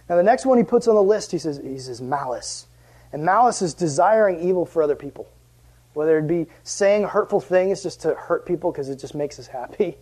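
A man preaching to a youth group in a relaxed, conversational way, with jokes along the way. At times his voice climbs and pushes hard as he presses the point home. He sounds like a youth pastor talking with the kids. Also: on the high side, fairly quick. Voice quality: conversational, joking, building to emphatic passion. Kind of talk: casual evening sermon to young people.

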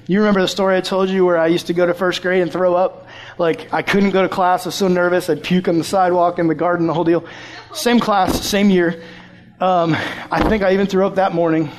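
A young adult man preaching a sermon, telling a personal story in an animated way and acting out voices from it. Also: fairly high pitch. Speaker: youth pastor.

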